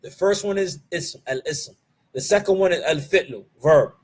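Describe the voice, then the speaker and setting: A man teaching an online Arabic grammar class. He asks the class questions and answers them himself, drills key terms slowly and mixes Arabic terms into his English. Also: on the high side, slightly rough. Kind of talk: live online class lecture.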